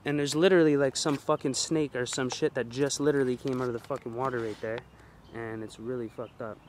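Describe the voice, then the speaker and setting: A man's voice: medium pitch, fairly even intonation, brisk, slight background noise. A young man hosting his own channel, ranting heatedly about a personal ordeal, cursing constantly and repeating fillers. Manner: heavy swearing, emphatic, repetitive fillers. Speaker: channel host. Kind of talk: agitated personal rant to camera.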